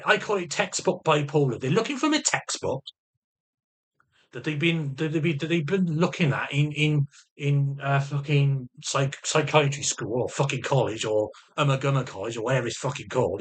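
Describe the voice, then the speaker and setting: Guy vlogging, husky voice, bit high, swears a lot and rambles, keeps repeating himself. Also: a bit bright. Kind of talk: unscripted personal vlog.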